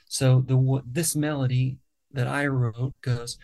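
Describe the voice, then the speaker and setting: A man's voice: mid-range voice, little pitch movement, a little slow, vocal fry, warm tone. A man, a songwriter and guest, talking casually in an interview and explaining his process thoughtfully, step by step.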